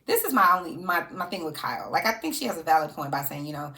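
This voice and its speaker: A woman's voice: deep voice, very animated, fast, bright, forceful tone. A woman giving casual, sassy reality TV commentary. She laughs often and talks to her subjects directly.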